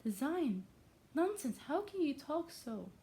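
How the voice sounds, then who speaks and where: An excitable, pushy middle-aged mother, gossiping with shrill, insistent eagerness in a high voice, as a woman reader puts her on. Her tone is mellow and warm beneath the strain. It comes from a storybook reading by a non-native English speaker. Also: measured pace, slight background noise, full character voice. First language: not English.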